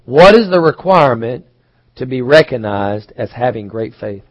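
A man's voice: mid-range voice, expressive, normal speed, no room sound, lo-fi sound. A man preaching a sermon, chatty and questioning, acting out quoted voices, with occasional coughs. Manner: conversational, asks the congregation questions. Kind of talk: sermon teaching.

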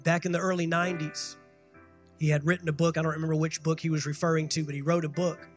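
A pastor preaching a sermon, building to loud emphatic peaks and calling for the congregation to respond. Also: male voice, a little high, level tone, fast talker, faint music behind. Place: church sanctuary.

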